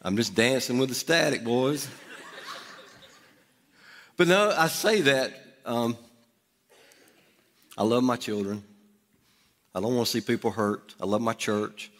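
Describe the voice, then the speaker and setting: Storytelling pastor in a reverberant sanctuary. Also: male voice, mid-range voice, a little slow, long pauses. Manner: conversational, animated storytelling with asides to the congregation. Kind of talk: storytelling sermon. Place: church sanctuary. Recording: long hall reverb.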